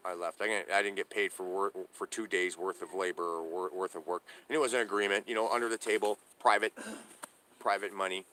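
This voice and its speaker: A man's voice: deep voice, fairly even intonation, fairly quick, pushed and bright, slight background noise. Profane ranting middle-aged man. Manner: profane, aggrieved ranting with many restarts. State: homeless, living in a trailer. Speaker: vlogger. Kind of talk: casual rant to camera. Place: inside a parked trailer on a hot day. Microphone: handheld camera.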